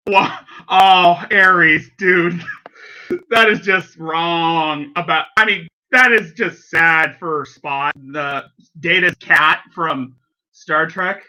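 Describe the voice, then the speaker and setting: A man's voice: a little high, very slow, pushed and bright. A man hosting a reaction video, rambling in casual commentary and often breaking off mid-sentence with exclamations.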